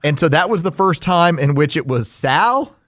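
A man co-hosts a casual radio podcast, walking through stories in a measured, planning-minded way. His voice sits slightly high and sounds dry and close to the mic. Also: expressive, a bit bright, no room sound. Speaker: radio co-host.

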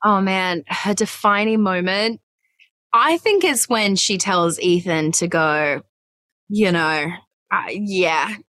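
A woman's voice: mid-range voice, slow, sharp tone, no echo. A woman in her thirties with an Australian accent tinged with an American twang, chatting in an interview as an actor guest, giggly and full of fillers and restarts. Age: 30s. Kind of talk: casual interview chat.

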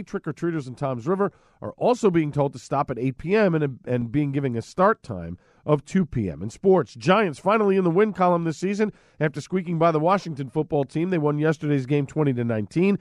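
A radio news anchor reads the local headlines with crisp, steady delivery. His voice sits fairly high for a man, the studio sound is dry, and faint music plays underneath. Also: no echo. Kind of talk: scripted news reading.

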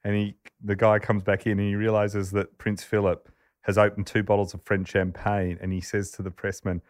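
A man casually telling anecdotes on a podcast, chatty and animated, laughing as he goes. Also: on the low side, normal speed, dry recording, clean studio sound. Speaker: podcast host telling a story. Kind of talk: casual storytelling chat.

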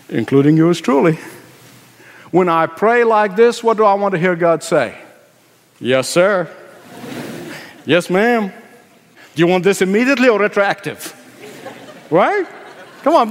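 A man preaching a sermon, emphatic and repetitive, swinging from hushed asides to pleading cries. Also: fairly high pitch, in a large hall. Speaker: pastor.

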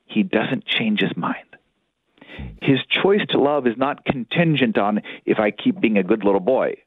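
A man's voice: medium pitch, dry recording. A priest speaks earnestly on a radio call-in show, his voice rising and falling with lots of life. He acts out inner thoughts to drive a point home. The sound comes through dry and thin, like a phone line. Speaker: priest, spiritual director. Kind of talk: catholic radio talk.

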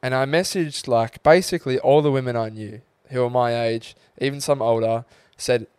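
A young man with an Australian accent co-hosts a casual podcast. He swears freely and tells stories, slipping into quoted voices, at a middle pitch. The sound is dry and close. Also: moderate pace, hardly any pauses, darkish tone, smooth, no echo. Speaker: podcast co-host. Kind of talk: casual chat.

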